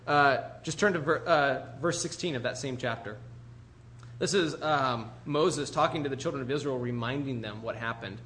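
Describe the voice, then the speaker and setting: A man preaching a conversational sermon in an animated, chatty way, full of asides to the congregation. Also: mid-range voice, normal speed, slight background noise.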